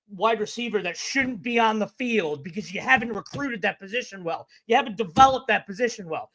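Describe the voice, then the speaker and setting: A man's voice: sits high, animated, a little fast, few pauses, bright, forceful tone. A man co-hosting a sports podcast, delivering an exasperated, profane rant. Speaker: podcast co-host.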